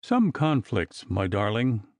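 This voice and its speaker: A man reading the lines of a gentle, grieving old rector who speaks tenderly and rambles on in a storybook. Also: on the low side, very animated, slow, no echo.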